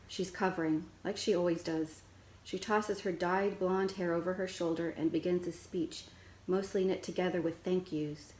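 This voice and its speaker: A woman with a lowish voice narrates a children's chapter book in first person, steady and gentle. The recording is roomy, with a faint background hiss. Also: moderate pace.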